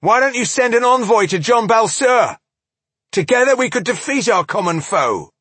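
A man voicing a fierce, cunning female elf warrior who speaks sharply and scornfully, with a husky voice. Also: medium pitch, very animated, takes it slowly, dry recording, exaggerated voice.

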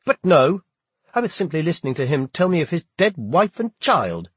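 A man's voice: medium pitch, animated, moderate pace, slightly rough, no room sound, pitched above the performer's own voice. A man doing a defiant young captive. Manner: sharp, challenging.

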